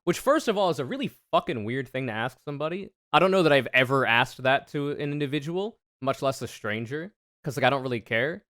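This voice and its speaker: A man streaming casual reaction commentary, sarcastic and profane, ranting with animated energy. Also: medium pitch, brisk, no room sound, studio quality. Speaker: streamer reacting to debate clips.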